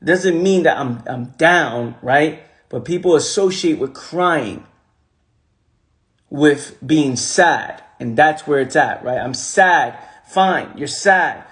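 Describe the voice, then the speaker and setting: Guy preaching motivation on a phone live, pretty high voice, keeps repeating himself for emphasis. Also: lively intonation, slow pace, a bit bright. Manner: casual slang. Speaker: motivational speaker. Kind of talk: motivational livestream talk. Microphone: phone on a livestream.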